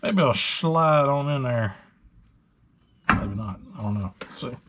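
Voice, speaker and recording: A man's voice: mid-range voice, slow, noisy background. Chatty man wrenching in a garage. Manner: relaxed, chatty, talking while wrenching with many fillers. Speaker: host of a truck repair channel. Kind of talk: casual workshop talk-through.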